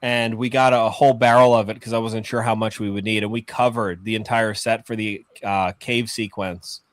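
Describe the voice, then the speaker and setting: A film director in casual podcast chat, telling anecdotes and acting out the people in them. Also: male voice, lowish voice, brisk, no room sound. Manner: animated storyteller, acts out voices in anecdotes.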